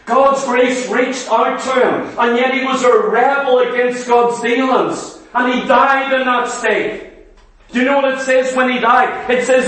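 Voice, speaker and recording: High-voiced, slow preacher in an echoey hall. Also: male voice, fairly even intonation, a bit bright, far from the mic. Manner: earnest, questioning the congregation. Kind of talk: sermon. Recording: echoey hall, voice away from the mic.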